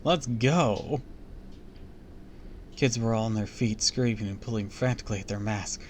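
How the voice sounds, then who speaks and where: A man's voice: fairly low pitch, fairly even intonation, quick pace, darkish tone, a little hiss or hum. A man reading a book aloud on a live stream, with small slips and casual asides to his chat.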